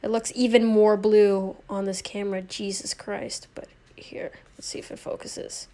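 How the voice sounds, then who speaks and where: A woman's voice: mid-range voice, little pitch movement, normal speed, warm tone. A young woman chatting idly to a live stream while she paints from a phone, rambling and joking at herself. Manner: rambling, self-mocking, talks to herself.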